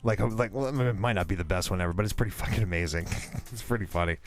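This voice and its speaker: A man telling a wild story in casual chat, animated and profane and laughing as he goes. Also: on the low side, fast, music in the background.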